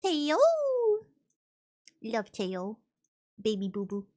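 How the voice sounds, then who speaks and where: A woman's voice: medium pitch, lively intonation, very slow, a little mellow. A woman streamer chatting casually while gaming, thinking aloud and answering chat.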